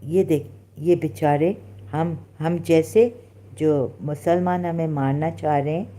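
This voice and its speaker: A woman talking emotionally on a livestream as an ex-Muslim commentator, halting and searching for words, mixing English with Hindi. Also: deep voice, steady tone, mellow. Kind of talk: emotional livestream talk answering questions.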